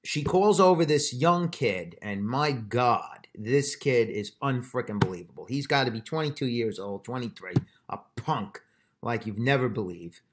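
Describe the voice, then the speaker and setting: A man's voice: medium pitch, expressive, normal speed, a little hiss or hum. Exasperated man telling a story. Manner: exasperated, emphatic retelling with mild slang. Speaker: construction business owner. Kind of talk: casual storytelling vlog.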